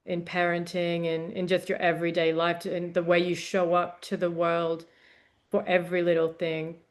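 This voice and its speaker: A woman hosting a conversation, speaking in a calm, measured way. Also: lowish voice. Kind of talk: podcast conversation.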